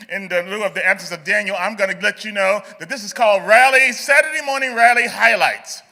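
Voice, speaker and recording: Brief: male chant leader, very high and sharp-toned, commanding, big reverberant hall. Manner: commanding, coaching a crowd of kids. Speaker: youth event leader. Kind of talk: leading rally chants. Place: large meeting hall. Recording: echoey hall.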